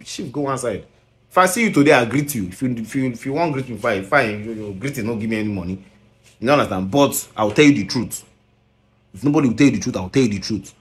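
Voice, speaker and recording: A man's voice: mid-range voice, quick pace. A man with a Nigerian accent scolding in a commentary video, mixing Pidgin and English and firing rhetorical questions.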